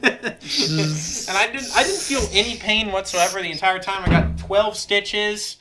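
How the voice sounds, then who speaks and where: In this laid-back storytelling chat, the podcast co-host is a young man with a high-pitched, bright, forceful voice at a normal speed. He spins his stories with energy and keeps breaking into laughter.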